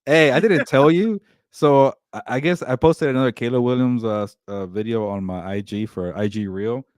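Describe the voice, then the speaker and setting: Excitable man in casual sports chat. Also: medium pitch, moderate pace, no room sound, studio quality. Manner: excitable, laughs a lot, repeats words. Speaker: co-host sports podcaster.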